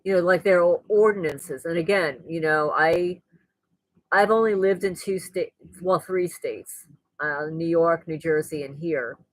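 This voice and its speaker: In a fairly low voice at a measured pace, a woman running her own channel rambles frankly and angrily to her viewers in a casual monologue. Once sweet, her voice is now rougher, and the recording is dry and rough.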